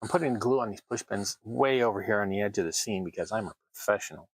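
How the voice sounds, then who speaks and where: A man's voice: on the low side, quick pace, no echo, low-quality recording. A man hosting a crafting livestream, chatting casually while he works, with wry, self-deprecating asides. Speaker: terrain crafting livestream host.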